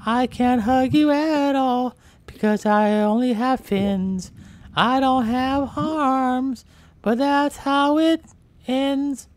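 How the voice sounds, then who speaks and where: A woman's voice: high voice, slow, no echo. Woman playing a gushing mama dolphin. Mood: doting. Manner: gushing, cooing, melodramatic. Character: doting new mother dolphin, anxious and protective. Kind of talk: voicing a character over gameplay.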